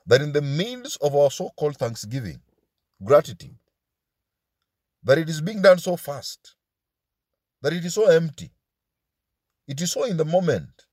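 A man's voice: on the high side, darkish tone, dry recording, clean studio sound. A man preaching a sermon as pastor, asking his listeners question after question and dropping into Swahili asides.

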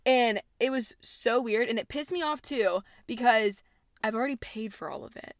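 An eighteen-year-old woman hosting a podcast from home, telling stories in a bubbly, animated way and swearing constantly. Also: on the high side, normal speed, no echo, clean studio sound. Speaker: podcast host. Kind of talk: casual podcast storytelling rant. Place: at home, indoors.

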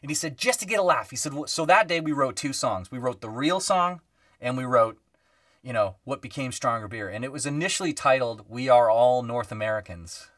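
A man talks in an easy, chatty way, jumping into the voices of the people in his stories. His voice sits at an ordinary middle pitch. The sound is dry, with no room echo, but he seems set back a little from the microphone. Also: a little fast, recorded from a distance. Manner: animated storyteller, acts out quoted voices, many fillers. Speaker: guest musician. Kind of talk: casual podcast storytelling.

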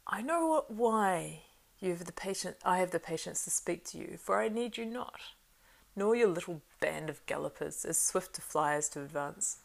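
A woman's voice: on the low side, expressive, normal speed, vocal fry. Saruman, a scheming old wizard read by a woman. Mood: haughty. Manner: coaxing and lofty, turning hissing and scornful. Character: silver-tongued old male wizard, proud and scheming. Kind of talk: audiobook reading.

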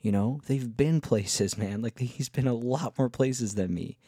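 A man's voice: medium pitch, measured pace, mellow, slightly rough, dry recording, studio quality. A man telling a travel story in a casual, rambling way, full of fillers and cheerful swearing. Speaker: travel vlogger.

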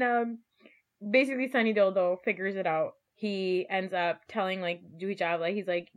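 A woman co-hosting a casual film chat, animated and laughing, acting out scenes from the movie as she retells it. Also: medium pitch, moderate pace. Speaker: podcast co-host.

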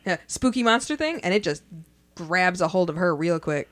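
A woman's voice: fairly low pitch, moderate pace, no echo, studio quality. A woman co-hosting a podcast, chatting casually, swearing and joking as she tells stories. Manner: profane, joking, animated storytelling. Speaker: podcast co-host. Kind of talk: casual chat.

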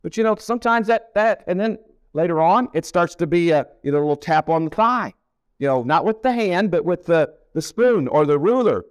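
A middle-aged man preaches in a folksy, storytelling way, hammering points home by repeating them. His voice sits a little high for a man. The sound is close and dry, with no room around it. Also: expressive, brisk, smooth, no echo. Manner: folksy storytelling with emphatic repetition. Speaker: pastor. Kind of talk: sermon. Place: camp meeting hall.

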